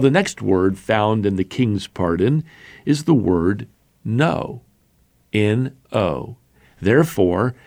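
A male pastor delivers a sermon in a low-ish, gravelly voice. He leans hard on single words and slows down with deliberate pauses to drive each point home. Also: a little mellow, dry recording.

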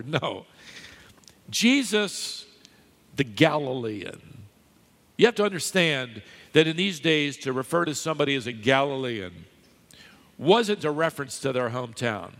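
A man's voice: mid-range voice, big pitch swings, a little slow, long pauses, fairly bright tone. A man preaching a sermon to a live congregation, emphatic and teasing the listeners. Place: large church hall with live audience. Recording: long hall reverb.

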